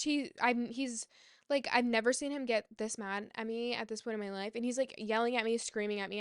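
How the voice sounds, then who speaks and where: A woman vlogger candidly retelling a personal story in a halting, rambling way. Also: on the high side, clear, resonant tone, no room sound, studio quality.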